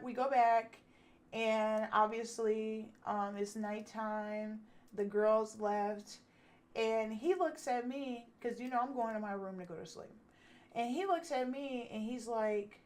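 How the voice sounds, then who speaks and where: A woman vlogger telling a candid storytime with lots of swearing, acting out what people said. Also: on the high side. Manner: candid, profane, acts out quotes. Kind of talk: casual storytime.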